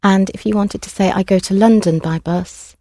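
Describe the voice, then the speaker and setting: A woman teaching a language class, prompting students clearly and patiently. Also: mid-range voice, steady tone, moderate pace, dark tone, no room sound, clean studio sound. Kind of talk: classroom instruction.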